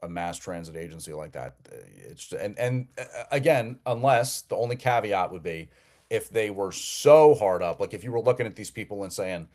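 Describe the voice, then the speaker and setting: A man from New Jersey hosts a live call-in show in an easygoing, conversational way. His voice sits a little low, and he often doubles words as he restarts his sentences. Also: animated, moderate pace, darkish tone. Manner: chatty, repeats words as he restarts. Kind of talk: casual live call-in chat.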